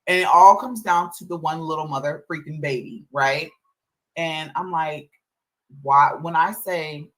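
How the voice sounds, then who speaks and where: A woman's voice: low voice, moderate pace, fairly bright tone, poor audio. A woman streaming live as a mother, venting casually about her kids and chores. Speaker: livestreamer mother. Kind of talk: casual livestream chat.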